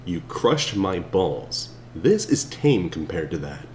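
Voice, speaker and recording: A man doing comedic chatbot role-play, deadpan and then bursting into shouts. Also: low voice, takes it slowly, a little hiss or hum. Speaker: streamer playing a chatbot.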